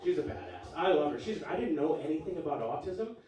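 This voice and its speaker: A man's voice: fairly high pitch, sing-song, fast talker, warm tone, a faint crowd, a little hiss or hum. A man in his forties doing a live stand-up set, punchy, wry and profane. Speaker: stand-up comedian. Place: live comedy club stage. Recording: echoey room from far off. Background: audience laughing.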